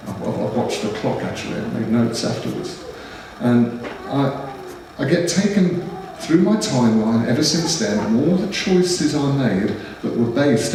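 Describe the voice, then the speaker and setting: A middle-aged man, earnestly telling a personal testimony to a church gathering. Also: medium pitch. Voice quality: earnest, emotional storytelling. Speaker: speaker. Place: large echoey church hall. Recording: echoey hall, distant mic, noisy.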